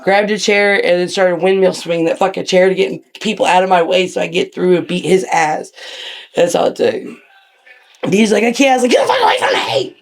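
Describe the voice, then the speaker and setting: A woman telling animated, profane stories in a casual interview as a guest, acting out quotes with big jumps in her voice. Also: on the low side, moderate pace, vocal fry. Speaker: guest wrestler.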